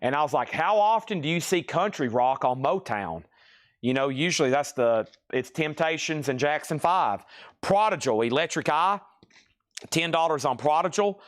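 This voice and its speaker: A man's voice: on the high side, animated. Tired man calling out record prices. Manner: rapid auction-style calling of items and prices, chatty asides. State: tired, voice getting worn. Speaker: live-stream record seller. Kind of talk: live-stream sales patter. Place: record store.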